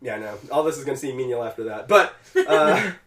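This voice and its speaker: A man's voice: medium pitch, lively intonation, fast talker, echoey room, recorded from a distance, a crowd in the background. A man co-hosting a podcast, casually retelling a game scene and acting out the characters' lines, swearing freely. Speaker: podcast co-host.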